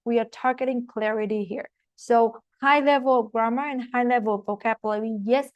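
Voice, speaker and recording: Woman exam tutor, non-native accent, higher voice, dry close mic, chatty explaining style. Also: fairly even intonation, a little fast, no room sound, highs cut off. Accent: non-native English. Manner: explanatory, frequent "okay?" check-ins and fillers. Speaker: IELTS teacher. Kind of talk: online masterclass lecture. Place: recorded online class.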